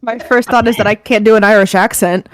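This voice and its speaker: Loud bubbly player on a game stream, keeps making fun of themselves. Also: mid-range voice, fairly even intonation, brisk, a crowd in the background. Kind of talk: casual chat.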